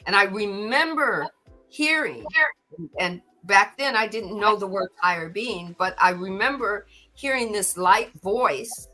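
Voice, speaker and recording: A woman's voice: medium pitch, expressive, a little slow, pushed and bright, faint music behind. A middle-aged woman hosting a podcast, giving an earnest spiritual talk and often repeating words as she gathers her thoughts. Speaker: podcast host.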